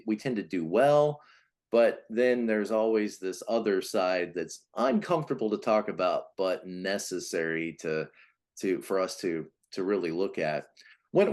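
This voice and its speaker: A man being interviewed as a personality coach, explaining in a conversational way, often restarting and now and then acting out quoted voices. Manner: animated, acts out voices of types with big pitch jumps; many restarts and repeated words. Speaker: Enneagram coach, guest.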